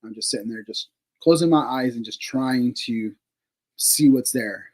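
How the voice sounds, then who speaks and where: A man with a husky, slightly rough voice at a middling pitch tells a long story in a loose, conversational way. He rambles with plenty of fillers and casual swearing, and he laughs between remarks as he goes. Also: normal speed, a little mellow, rough recording. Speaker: paranormal investigator guest.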